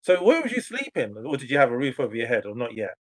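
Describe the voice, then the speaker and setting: A man's voice: mid-range voice, wildly swooping pitch, quick pace. A man hosting a podcast interview, reacting briefly and asking follow-up questions. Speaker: host. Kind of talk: casual interview.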